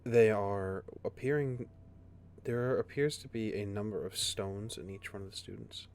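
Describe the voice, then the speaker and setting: A man narrating a tabletop fantasy game as game master, with measured, formal replies to the players. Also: lowish voice, a little mellow.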